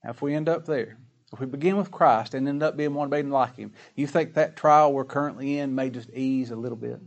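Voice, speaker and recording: Older guy preaching, folksy and earnest, gets loud then soft. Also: mid-range voice, a little fast, creaky, muffled recording. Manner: earnest, folksy, swells louder in prayer then drops soft. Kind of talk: sermon.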